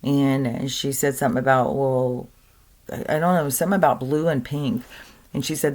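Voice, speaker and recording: A woman's voice: a bass voice, fairly even intonation, normal speed, darkish tone. A woman giving an earnest, rambling spiritual monologue to camera, full of fillers and restarts. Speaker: spiritual content creator.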